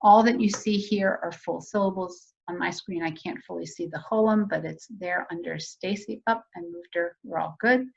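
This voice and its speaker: A woman's voice: lowish voice, normal speed, creaky, hardly any pauses, husky, highs cut off, faint music behind. A woman presenting a virtual teacher training session in a conversational, explanatory way, putting questions to her audience.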